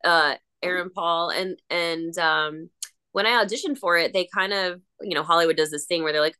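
A woman's voice: on the low side, steady tone, normal speed, bright, forceful tone, clean tone. A woman, an actress, chatting as a podcast guest in an upbeat, gushing way, acting out little voices in her stories. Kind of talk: casual interview chat.

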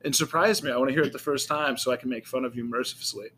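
A man's voice: mid-range voice, very fast, sharp tone, slight background noise. A young man co-hosting a podcast in casual chat, joking crudely and mimicking voices. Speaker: podcast co-host.

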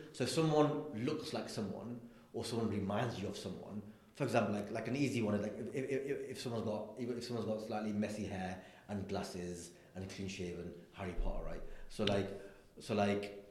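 A man, a stand-up comedian, chatting casually in an interview and acting out people in his anecdotes with animated delivery. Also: fairly low pitch, a little fast, reverberant.

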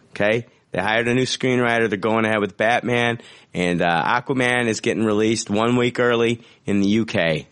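A man's voice: fairly low pitch, a bit bright, no echo. A man co-hosting a casual podcast, swearing, laughing and rambling through the banter. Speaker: podcast co-host.

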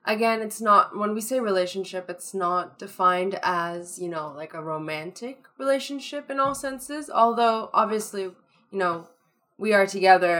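A woman's voice: fairly low pitch, fairly bright tone. A woman co-hosting a casual podcast, chatting and laughing easily with fillers between thoughts. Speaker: podcast co-host.

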